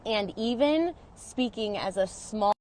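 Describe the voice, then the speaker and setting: A woman speaks into her phone in an earnest, emotional vlog, her voice sitting at an ordinary pitch for her. She talks with heartfelt openness, as though sharing something private. A faint hum of noise sits under the recording. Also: animated, slow, a little mellow. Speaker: vlogger. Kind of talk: personal confessional vlog. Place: in and near her car.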